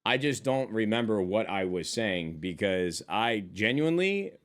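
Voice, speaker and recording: A man's voice: fairly low pitch, very animated, a little slow, a bit bright. A man streaming live, talking casually to his chat in loose, profane, joking banter from his desk. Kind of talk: casual stream chat reading and answering viewers. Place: at a desk with a monitor.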